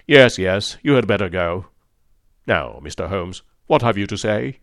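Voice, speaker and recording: A man's voice: low-pitched, lively intonation, a little slow, a bit bright, no echo, studio quality, full character voice. Man voicing a stern, stately old nobleman. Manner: stately, impatient. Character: stern, proud aged male nobleman.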